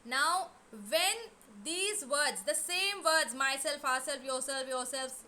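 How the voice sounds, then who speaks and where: A woman teaching a grammar lesson, explaining slowly and repeating key words. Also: sits high, pushed and bright. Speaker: English teacher. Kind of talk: online class lesson.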